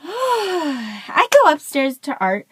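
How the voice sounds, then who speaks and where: A woman's voice: high voice, extremely slow, no room sound, low-quality recording. A teenage girl telling a school story in a casual rant, peppering every phrase with "like.". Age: teens. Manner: chatty, says "like" constantly, animated. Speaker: vlogger.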